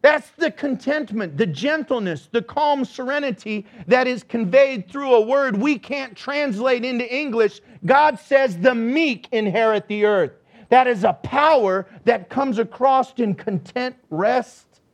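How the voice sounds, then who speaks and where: A high-pitched man preaching a fervent sermon. He drops to near-whispers, then surges into shouted emphasis and acts out little voices along the way. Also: lively intonation, measured pace. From United States. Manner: dramatic, acts out voices, swings from soft to shouting. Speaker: pastor.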